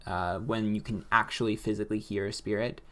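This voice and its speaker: A psychic vlogger telling a personal story in a casual, animated way, swearing freely and breaking into loud emphatic bursts. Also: medium pitch, brisk. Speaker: psychic and tarot reader.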